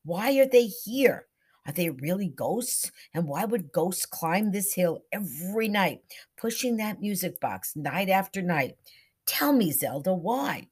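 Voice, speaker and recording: An earnest woman who pleads in hushed, urgent tones, as a woman reader puts her on. Her voice stays low and husky, pressing and insistent. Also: big pitch swings, measured pace, heavily acted. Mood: pleading.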